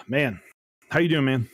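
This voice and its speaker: A man's voice: mid-range voice, expressive, slow, husky. A young man co-hosting a casual livestream chat, laid-back, telling stories and acting out the people he quotes. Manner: laid-back storytelling, acts out quoted kids. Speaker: co-host.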